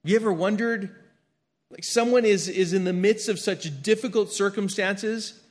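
A man preaching a sermon and reading scripture aloud, earnest, swinging between emphatic lines and hushed ones, often repeating his words. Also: sits high, normal speed. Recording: long hall reverb.

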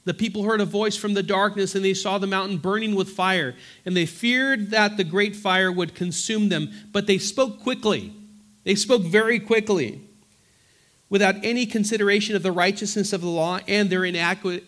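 A man teaching a Bible study, reading scripture aloud slowly and earnestly between plain explanations, often restarting his words. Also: high voice, a bit bright. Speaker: pastor.

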